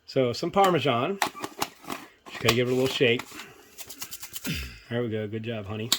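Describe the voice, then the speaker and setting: A man's voice: mid-range voice, animated, moderate pace, background noise. A man hosting a casual home cooking demonstration in his kitchen, rambling and chatty and poking fun at himself. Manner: rambling, chatty, self-mocking. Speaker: cooking video host.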